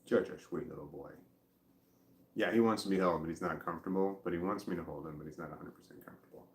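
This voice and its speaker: A middle-aged man vlogging in casual chat, rambling and halting, with blunt swearing. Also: low voice, echoey room.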